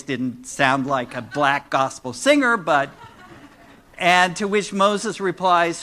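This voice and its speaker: A man's voice: a little high, animated, takes it slowly, pushed and bright. A man preaching a sermon to his congregation in a conversational, playful way, mixing teaching with jokes. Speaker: minister.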